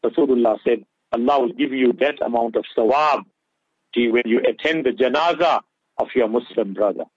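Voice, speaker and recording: A man's voice: mid-range voice, moderate pace, slightly rough, no room sound. Man, radio preacher, impassioned, mixes in urdu and arabic phrases, dry close sound, lo-fi radio audio. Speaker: radio presenter giving Islamic advice. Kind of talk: earnest religious talk on radio.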